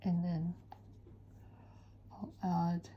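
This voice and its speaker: A woman giving a calm step-by-step drawing tutorial, soft-spoken and often dropping to a near whisper. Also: on the low side, very slow, dull audio, slight background noise. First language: Japanese. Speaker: certified drawing-art teacher.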